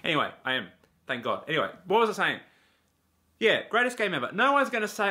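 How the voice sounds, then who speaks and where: A man's voice: a little high, very animated, fast talker, sharp tone. A man ranting casually to camera about video games, blunt and exasperated, swearing freely. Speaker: YouTube games vlogger.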